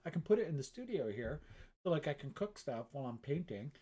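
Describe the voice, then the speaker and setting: A man's voice: on the high side, sing-song, a little fast, mellow, husky. Rambling self-mocking middle-aged man. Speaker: painter streaming live. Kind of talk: casual rambling live-stream chat. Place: his art studio.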